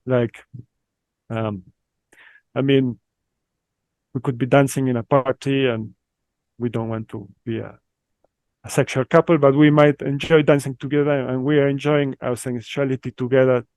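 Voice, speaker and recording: Man, Mexican accent, reflective, mid-pitched, dry close sound. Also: steady tone, moderate pace, pauses often, darkish tone, dry recording. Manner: reflective, searching, with fillers. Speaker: guest, somatics practitioner. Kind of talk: conversational interview.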